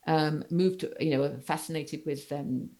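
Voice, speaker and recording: A woman teaches a literature class online in a deep voice with plenty of vocal fry. She works her ideas out aloud, restating them and pausing to ask whether her students follow. She sounds like a lecturer thinking on her feet. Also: mellow. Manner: explanatory, rephrasing points and checking in with "okay?". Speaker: university lecturer.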